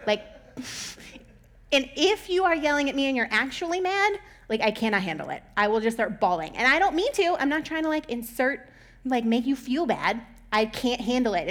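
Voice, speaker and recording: A young woman with a slightly high voice talks in a relaxed, conversational way. She leans on "like" as a filler and often breaks into a laugh between points, as a host speaking straight to her listeners. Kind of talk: casual chat.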